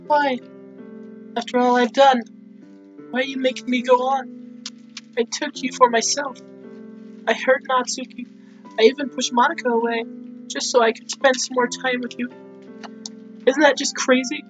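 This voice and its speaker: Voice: high-pitched, level tone, moderate pace, long pauses, soft background music, pitched above the performer's own voice, close to an everyday voice, poor audio. A gamer voicing a guilt-ridden, distraught teenage girl from a game, in a raised voice, pleading and full of self-loathing.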